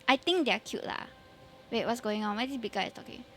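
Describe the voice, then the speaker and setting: A woman's voice: fairly high pitch, expressive, fairly quick, a bit bright, faint music behind. A woman from Singapore with a Singaporean English accent, chatting playfully on a live stream, dropping Singlish particles and laughing often. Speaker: VTuber streamer. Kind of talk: casual live-stream chat.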